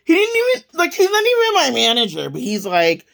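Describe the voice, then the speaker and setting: A woman's voice: high voice, huge pitch swings, brisk, creaky, fairly bright tone. A woman chatting casually in a home vlog, rambling through her story with lots of fillers and frequent giggles. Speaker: vlogger.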